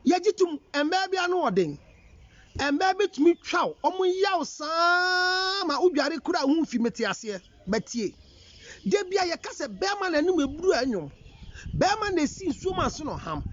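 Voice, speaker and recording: A man's voice: very high voice, big pitch swings, normal speed, a bit bright, highs cut off. A Ghanaian man giving an emphatic counseling talk, scolding his listeners with rhetorical questions. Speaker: relationship counselor. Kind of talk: counseling talk mixing English and Twi.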